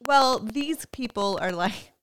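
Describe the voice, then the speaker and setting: A woman casually telling an animated parenting story, quoting her children and laughing often. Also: a little high, slow pace, smooth. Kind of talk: casual chat.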